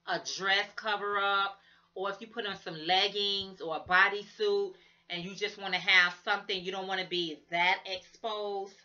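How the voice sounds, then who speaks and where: A woman's voice: medium pitch, bright, forceful tone, highs cut off. A woman hosting a crochet vlog, chatting casually and enthusiastically to viewers while showing her work, her voice a little worn. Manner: chatty, enthusiastic, addresses viewers as "guys" and "y'all". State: losing her voice. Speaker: crochet channel host. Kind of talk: casual show-and-tell vlog.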